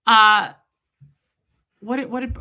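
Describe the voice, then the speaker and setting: A woman's voice: on the high side, slow. An American woman hosting a livestream, chatting casually and emphatically with her viewers. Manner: animated, emphatic, mock accents. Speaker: livestream host.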